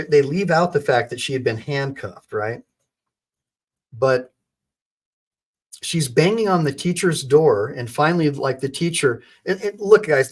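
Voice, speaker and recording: A man's voice: medium pitch, husky. A man hosting a livestream as an attorney, giving emphatic, indignant commentary and calling on his chat for reactions.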